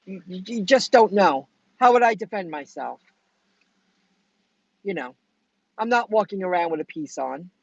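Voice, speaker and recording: A middle-aged woman sits in her car and thinks out loud to her viewers, rambling from one gripe to the next. Her voice comes through dull and muffled, with a dry, close sound and no room echo. She keeps it loose and conversational throughout. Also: on the low side, animated, measured pace, gravelly, pauses often. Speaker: delivery driver vlogger. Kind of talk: casual vlog, talking to live chat. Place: inside a car.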